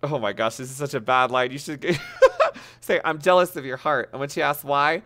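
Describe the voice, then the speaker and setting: A man live-streaming in casual chat, excitable and laughing often as he coaches a friend, cursing freely. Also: mid-range voice, normal speed.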